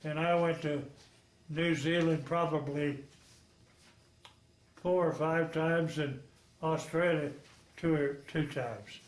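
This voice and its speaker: Slow and steady, with long pauses, a fairly high-pitched Texan man in his nineties recalls his World War II service for an oral history interview. The room is echoey, and his storytelling is frank and rambling, broken up by chuckles.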